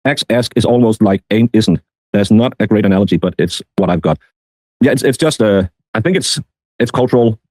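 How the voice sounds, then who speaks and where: Male stream host, dark low voice, loose and rambling delivery. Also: a little fast, dry recording. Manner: rambling, self-correcting. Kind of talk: casual live-stream chat.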